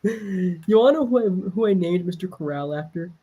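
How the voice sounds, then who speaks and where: A husky-voiced creator comments over their own fan cartoon, quick and joking. Their pitch jumps around as they point out little details on screen. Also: animated, dark tone, lo-fi sound. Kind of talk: casual watch-along commentary.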